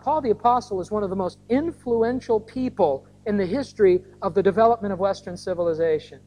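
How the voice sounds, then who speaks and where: A woman preaching an Easter sermon outdoors in a conversational, animated way, acting out quoted voices. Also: on the high side, poor audio. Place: outdoor gathering.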